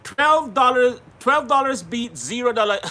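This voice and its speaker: A man's voice: very high voice, pushed and bright. A man from Jamaica hosting a live stream, chatting casually and greeting viewers by name, laughing often.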